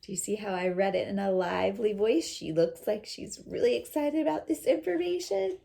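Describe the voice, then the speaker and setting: A woman teacher reading a picture book aloud to children, slowly explaining words and asking questions. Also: mid-range voice, animated, gravelly, warm tone. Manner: slow, explains words and asks listeners questions. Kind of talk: children's read-aloud with commentary.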